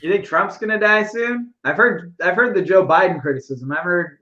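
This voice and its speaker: A man's voice: sits high, moderate pace, bright, forceful tone, highs cut off. A man co-hosting a podcast in casual chat, talkative and explaining at length. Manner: talkative, explaining, mock-quoting. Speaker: podcast co-host.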